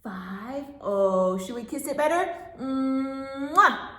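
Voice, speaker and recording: A high-voiced woman running a children's storytime, animated and sing-song, gasping with delight as she reads and sings. She speaks at an unhurried pace. Her voice rings around an echoey classroom. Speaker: children's librarian. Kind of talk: children's storytime with songs and signing. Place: library classroom. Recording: echoey room.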